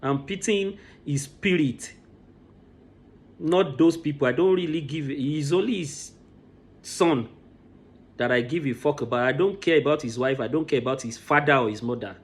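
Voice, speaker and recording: A man's voice: fairly high pitch, normal speed. A man from Nigeria, giving an emotional commentary and often repeating words as he restarts his sentences. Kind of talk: impassioned commentary.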